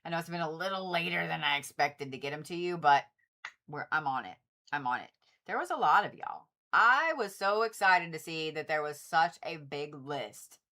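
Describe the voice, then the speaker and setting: A woman's voice: low-pitched, animated, normal speed, bright, forceful tone. A woman doing casual zodiac card readings on a livestream, chatty and blunt, swearing freely and talking straight to her viewers. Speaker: Reiki practitioner and tarot reader.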